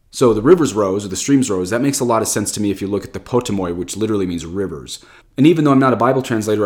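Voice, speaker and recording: A man reading the gospel and explaining Greek and Latin words, as a priest in a slow, deliberate teaching manner. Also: lowish voice, darkish tone. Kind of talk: gospel reading and scripture commentary.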